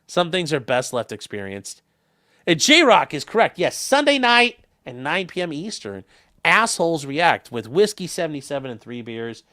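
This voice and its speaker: A man's voice: on the high side, big pitch swings, normal speed, sharp tone. A man from Ohio with a Northern Ohio accent, hosting a casual livestream, reading chat messages and joking loosely with some swearing. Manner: loose and jokey, swearing freely, rambling asides. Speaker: livestream host.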